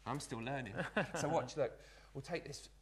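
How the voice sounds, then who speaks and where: A man's voice: mid-range voice, moderate pace, a bit bright, slightly rough. Man playing cheeky apprentice magician. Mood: playful. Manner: chatty, patter-filled, keeps saying "look". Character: young Victorian London apprentice magician, cheeky and eager. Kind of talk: live magic act in character.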